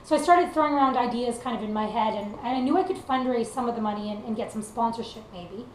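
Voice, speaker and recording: Her voice a little high and her pace fast, a young Canadian woman who sings country gives an earnest, chatty pep talk with lots of fillers. The room is echoey, and there's a faint hiss of noise.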